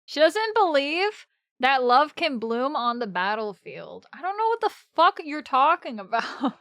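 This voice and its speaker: A woman's voice: sits high, very animated, unhurried, fairly bright tone. A woman streaming a game live, chatting casually with her viewers, swearing freely and laughing often. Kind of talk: casual live-stream chat while gaming.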